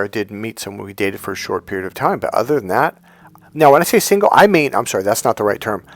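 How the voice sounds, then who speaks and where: A medium-pitched man acting as a dating coach speaks casually and directly to the camera, with no room sound in the recording. When quoting women, he acts them out in a raised voice.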